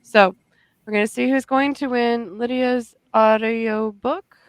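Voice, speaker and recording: A woman hosting a book launch livestream over a video call, brisk and upbeat as she runs a giveaway. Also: a little high, steady tone, smooth, no room sound. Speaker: livestream host.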